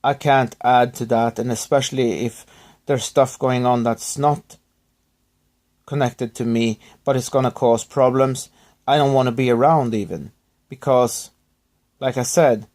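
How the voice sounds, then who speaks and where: Male vlogger, subdued and halting, recovering from illness, apologetic in tone. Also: mid-range voice, steady tone, a little mellow. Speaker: YouTuber thanking subscribers. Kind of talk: rambling personal vlog.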